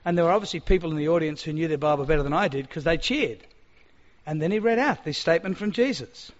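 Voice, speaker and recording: A man preaching a sermon, animated and acting out quoted speech, in a church hall. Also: on the high side, fast. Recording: long-reverb hall, dull sound.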